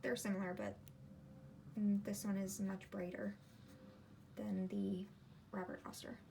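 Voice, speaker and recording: Woman, 30s, casual home vlogger; gravelly fry, rambling delivery, faint room hiss behind. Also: medium pitch, little pitch movement, unhurried, mellow. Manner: chatty, meandering, self-interrupting. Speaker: ink collection vlogger. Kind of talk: casual rambling vlog while swatching. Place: home desk.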